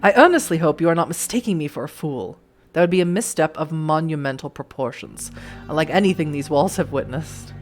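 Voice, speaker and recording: A woman's voice: low-pitched, lively intonation, fairly quick, faint music behind, pitched below the performer's own voice. A woman voicing a haughty, menacing male vampire sheriff who speaks in a formal, condescending way. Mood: icy.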